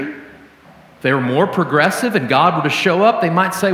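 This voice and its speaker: A man's voice: a little high, lively intonation, pushed and bright. Man preaching in an echoing hall. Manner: earnest teaching, slows for emphasis. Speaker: pastor. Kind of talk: sermon. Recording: roomy hall with long reverb.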